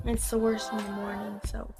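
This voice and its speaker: A woman's voice: mid-range voice, monotone, moderate pace. A young woman chatting casually in a vlog, rambling and correcting herself as she goes. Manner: rambling, chatty, self-interrupting. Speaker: vlogger. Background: music.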